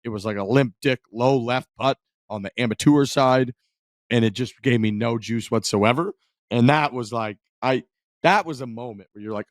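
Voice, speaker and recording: A man co-hosting a golf podcast, talking through a big moment in an excited, profane, rambling way. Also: mid-range voice, moderate pace, dry recording, clean studio sound. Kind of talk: casual chat.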